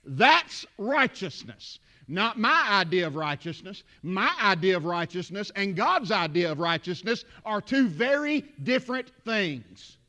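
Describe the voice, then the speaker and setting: A pastor preaching in a remarkably high voice. He reads scripture in old-fashioned wording, drops to soft asides, then climbs to shouted, emphatic peaks. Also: animated, normal speed, hardly any pauses. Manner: reads scripture aloud in King James wording. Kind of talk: sermon.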